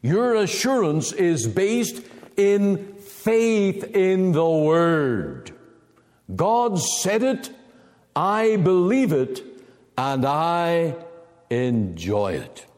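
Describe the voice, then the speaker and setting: A male preacher delivering a sermon with emphatic rises to loud peaks and slow, low drops, possibly. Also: very animated. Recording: long hall reverb.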